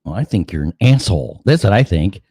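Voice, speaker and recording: A man's voice: deep voice, lively intonation, brisk, mellow, breathy edge, no echo, clean studio sound, exaggerated voice. A man voicing a resentful, mistreated male house dog that talks back indignantly and curses. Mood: angry. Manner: indignant, profane back-talk.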